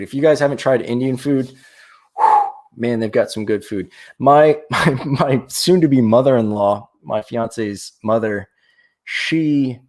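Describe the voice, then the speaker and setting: A man's voice: on the low side, darkish tone. A young man from Florida chatting casually on a livestream, rambling and restarting his sentences a lot. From Florida, USA. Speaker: livestream host. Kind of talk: casual live-stream chat.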